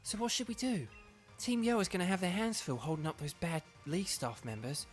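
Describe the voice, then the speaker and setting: A man voicing an eager, upbeat teenage boy from a video game, reading the dialogue in an excited, bouncy voice raised well above his own. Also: high-pitched, a little fast, faint music behind, pitched above the performer's own voice.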